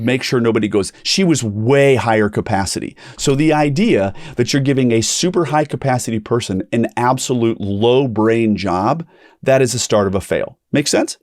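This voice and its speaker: A man's voice: no echo, clean studio sound. A man hosting a ministry podcast, telling a story in a conversational way, restarting sentences and acting out the people he quotes. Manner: animated, acts out quoted voices with big pitch jumps; frequent restarts and repetition. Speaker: podcast host.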